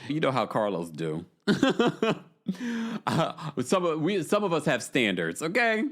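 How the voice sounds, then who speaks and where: Animated sassy male live-stream host. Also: on the high side, normal speed. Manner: animated, sassy, laughing asides. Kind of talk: live-stream chat reading fan comments.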